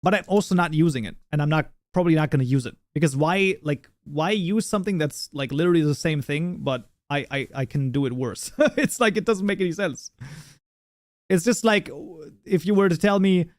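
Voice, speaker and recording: A man's voice: fairly high pitch, animated, fairly quick, no room sound, clean studio sound. A man whose first language is German, hosting a livestream, chatting casually with viewers while rambling, laughing often, and restarting his sentences. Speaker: livestream host. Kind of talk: casual live chat with viewers.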